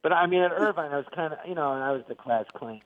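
A man's voice: fairly high pitch, quick pace, no room sound. Middle-aged comedian guy telling stories, acts out the quotes, tinny phone line, dry. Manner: animated storyteller, acts out quotes. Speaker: actor and comedian guest. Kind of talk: casual interview storytelling.

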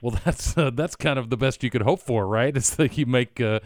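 A man's voice: mid-range voice, brisk, no echo, studio quality. A male radio host interviewing a guest, reacting with frequent laughter. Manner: laughs often, brief reactions.

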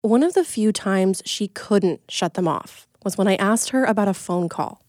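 Measured woman reporter narrating. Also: medium pitch, a little mellow, no echo, clean studio sound. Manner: measured, plain storytelling. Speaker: radio reporter. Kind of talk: scripted narration.

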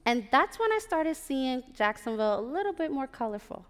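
A woman from Puerto Rico telling a personal story on a theater stage, animated, with sassy asides to the audience. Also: high-pitched, a little fast, smooth. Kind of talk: live storytelling performance. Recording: live theater with long reverb.

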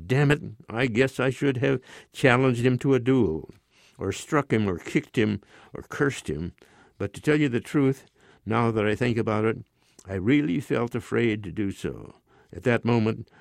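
A man in his nineties reading aloud his own short story in a measured, expressive way. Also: fairly low pitch, vocal fry, dry recording, studio quality. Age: 90s.

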